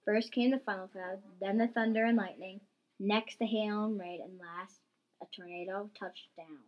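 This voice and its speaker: A woman reading a homemade farm story aloud in a lively, plain way. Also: medium pitch, normal speed, dull audio, slight background noise.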